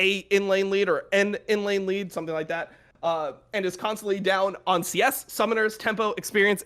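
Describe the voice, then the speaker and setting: A man's voice: high-pitched, fairly bright tone. A young man hosting a podcast, talking casually with blunt, profane, exasperated rants. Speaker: podcast host.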